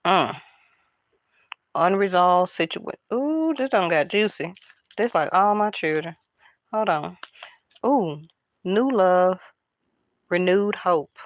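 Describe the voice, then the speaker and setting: A woman doing a casual tarot card reading, talking in a hushed, half-whispered, chatty way to her viewers. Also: lowish voice, expressive, slow, pauses often, no echo, dull audio. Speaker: tarot reader.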